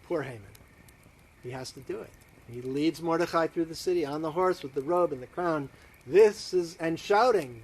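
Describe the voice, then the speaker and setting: A man, a rabbi, telling a story to students in a dramatic, expressive way. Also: fairly high pitch, normal speed, slightly rough.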